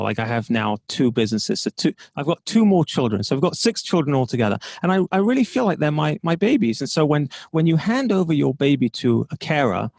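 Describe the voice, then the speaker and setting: A man tells a story as a podcast guest, lively and expressive, slipping into quoted voices and laughing now and then. His voice sits at a middle pitch. The recording is dry and close, with little room sound. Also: creaky, no echo. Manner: animated, acts out quoted dialogue, laughs often. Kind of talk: storytelling in a casual interview.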